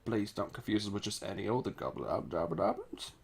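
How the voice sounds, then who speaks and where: A man voicing a boastful male goblin boss in a video game read-through, drawling the lines slowly over game music. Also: on the low side, very animated, vocal fry, breathy edge, full character voice. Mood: menacing.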